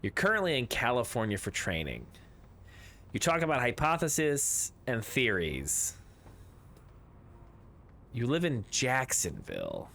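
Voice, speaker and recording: A man's voice: mid-range voice, wildly swooping pitch, a little slow, long pauses, sharp tone, a little hiss or hum. A man streaming a video game, chatting casually and rambling through jokes while reading chat aloud.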